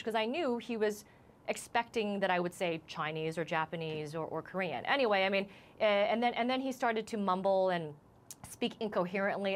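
A woman reporter in a live TV interview, shaken and emotional, speaking haltingly with many restarts. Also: lowish voice, slight background noise. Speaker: news reporter as guest.

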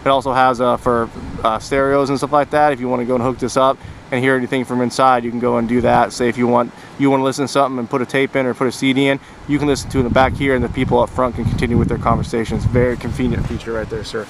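A man's voice: mid-range voice, little pitch movement, rapid-fire. A man walking a buyer around a used car as a salesman, repeating "very, very" and addressing the buyer as "sir". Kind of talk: vehicle walkaround video. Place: outdoors at a car lot. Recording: noisy outdoor recording.

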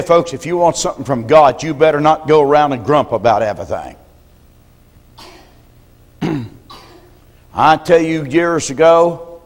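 An older man preaching a sermon as a pastor, telling folksy stories and often clearing his throat. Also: mid-range voice. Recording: reverberant church hall.

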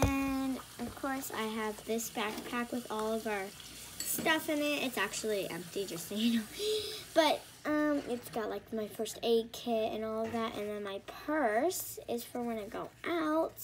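A woman's voice: on the high side, background noise. A woman chatting playfully while acting out a doll family story, rambling and giggly. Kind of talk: playful doll role-play narration.

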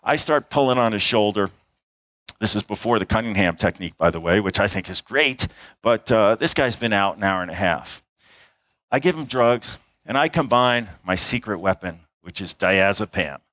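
A man's voice: on the low side, animated, moderate pace, fairly bright tone, dry recording. A middle-aged man, an emergency doctor, giving a conference talk, telling a case story with acted-out dialogue and sounds. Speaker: emergency physician and airway instructor. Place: conference hall.

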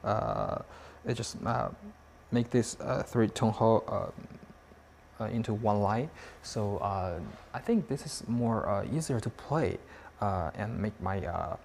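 A male clarinetist giving halting feedback with many fillers. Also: fairly low pitch, creaky, darkish tone, a little hiss or hum.

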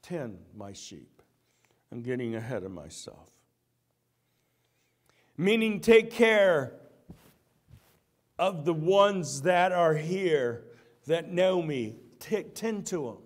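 A man preaching a sermon in a church in a folksy, conversational way. He moves between loud, emphatic bursts and soft, slow stretches. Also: fairly high pitch, big pitch swings. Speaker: pastor. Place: church sanctuary.

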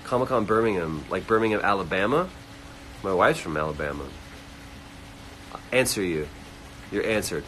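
A man hosting a casual livestream, reading fan comments aloud and answering them quickly. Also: low voice, lively intonation, a bit bright, a little hiss or hum, low-quality recording. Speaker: livestream host answering chat. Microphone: phone livestream.

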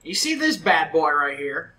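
A man plays a game and chats casually, teasing his friends and swearing freely. His voice is bright and lively in pitch, recorded in a roomy, echoey space with soft game music. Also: measured pace. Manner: playful, teasing, swears a lot. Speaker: let's play player. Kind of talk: casual gaming chat.

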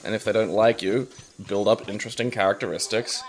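A man's voice: fairly low pitch, fast talker. Laughing, rambling man playing a game. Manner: laughs often, loose rambling talk with swearing. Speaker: player in a let's-play. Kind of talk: casual let's-play commentary chat.

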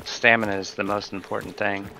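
A man's voice: on the low side, flat delivery, a little fast, creaky. A man talking casually with a teammate during an online game, making dry remarks and swearing. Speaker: gamer. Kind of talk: casual gaming chat. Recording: loud game noise behind.

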